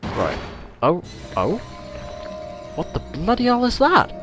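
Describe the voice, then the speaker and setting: A man's voice: high voice, takes it slowly. A man giving casual, rambling commentary while playing a video game, swearing often. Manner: chatty, rambling, lively swearing. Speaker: let's play host. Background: game music.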